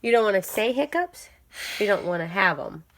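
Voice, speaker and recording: A woman's voice: mid-range voice, lively intonation, brisk, fairly bright tone. A young mother at home, playfully coaxing and questioning her toddler at bedtime in a casual home video.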